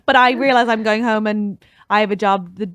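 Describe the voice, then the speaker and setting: A woman co-hosting a podcast in a studio, chatting casually. She is excitable, laughs easily and jumps into high squeals. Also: fairly quick, no echo. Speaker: podcast co-host. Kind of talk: casual chat.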